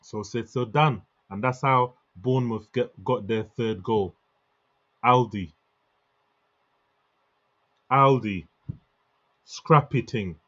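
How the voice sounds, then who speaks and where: A man's voice: mid-range voice, slow, pauses often, a bit bright. Man, emotional post-match rant, slangy and restless, lo-fi sound. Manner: venting, slangy, restless, repeats himself. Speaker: football fan channel host.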